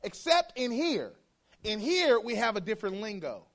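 High-voiced guy preaching, repeats lines over and over for punch, playful, pokes fun at church talk. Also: sing-song, moderate pace, creaky, a bit bright. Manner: emphatic, repeats phrases for effect. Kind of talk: sermon.

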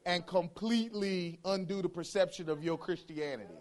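A man's voice: high-pitched, moderate pace, darkish tone. A man preaching a sermon, emphatic and playful, hammering his point with repeated phrases and mimicking how churchgoers talk.

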